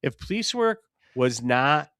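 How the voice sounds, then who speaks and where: A man's voice: medium pitch, measured pace, smooth, no echo. Co-host, male, brash rambling talker, dry close mic. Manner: loud, animated, rambling and profane. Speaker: podcast co-host. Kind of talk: casual live-stream banter.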